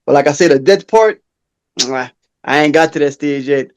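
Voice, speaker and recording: Earnest high-voiced man telling a story. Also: moderate pace. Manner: earnest storytelling, acts out quoted dialogue in a high voice. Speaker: podcast co-host. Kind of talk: casual podcast chat.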